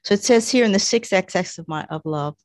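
A woman's voice: medium pitch, fairly quick, dry recording. A woman reading a devotional text aloud and reflecting on it for listeners. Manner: reads aloud, then explains to listeners. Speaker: devotional reader.

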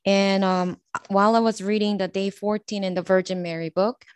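Woman, dry close sound, earnest, halting, prayer group sharing. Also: mid-range voice, little pitch movement, clear, resonant tone, no echo. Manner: earnest, with many "um" pauses. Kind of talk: devotional sharing and reading.

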